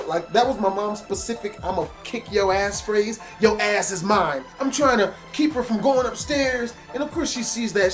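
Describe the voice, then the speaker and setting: A man telling a funny personal story for his vlog, animated and emphatic, swinging between loud outbursts and low mutters. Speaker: storytelling vlogger.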